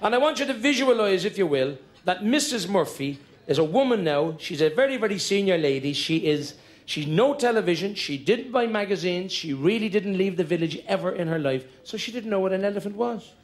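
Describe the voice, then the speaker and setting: This middle-aged Irishman is a stand-up comedian whose voice sits high, brisk and lively in its intonation. On stage he spins long comic stories in a chatty, conspiratorial manner, building his jokes through repetition.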